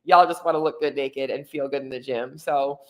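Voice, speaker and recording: A woman's voice: rumbling low, steady tone, normal speed. A woman hosting a podcast, talking casually and candidly about her own experience. She uses many fillers and gets openly emotional. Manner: chatty, lots of "like" and "um" fillers. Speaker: podcast host. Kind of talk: casual personal monologue.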